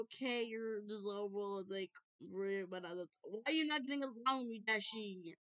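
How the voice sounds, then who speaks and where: Excitable woman with a sharp, bright voice. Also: mid-range voice, moderate pace, few pauses, dry recording. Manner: rambling and excitable, with sudden loud outbursts. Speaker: gameplay commentator. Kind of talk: casual game commentary. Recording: dull lo-fi dry recording.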